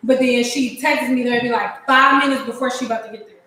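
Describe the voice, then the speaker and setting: A woman's voice: fairly high pitch, fairly even intonation, a little fast, pushed and bright. Chatty woman telling a story in a very echoey room. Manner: rambling, with many restarts and filler "like". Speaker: hairstylist. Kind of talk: casual storytelling vlog. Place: home, cooking while talking.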